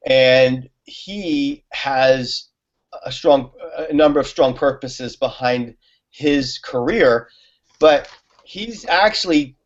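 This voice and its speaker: A man guest telling stories in casual conversation, laughing often and using many fillers. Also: medium pitch. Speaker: guest on a talk show. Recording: muffled lo-fi audio.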